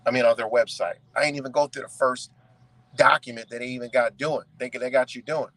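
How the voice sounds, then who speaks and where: A young man from ranting in commentary, profane and animated, often asking "right?". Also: mid-range voice, fairly quick, dry recording, low-quality recording. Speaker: commentary streamer.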